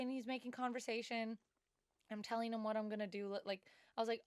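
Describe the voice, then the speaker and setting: A woman's voice: medium pitch, fairly even intonation, fast talker, smooth, no room sound, studio quality. A young woman co-hosting a podcast, telling a story animatedly and acting out the dialogue. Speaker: podcast co-host. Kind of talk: casual chat.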